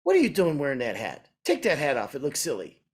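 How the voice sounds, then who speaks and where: A man's voice: a little high, huge pitch swings, quick pace, a little hiss or hum. A man putting on the voice of his blunt, mean 93-year-old mother-in-law, speaking curtly and scoldingly. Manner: curt, scolding.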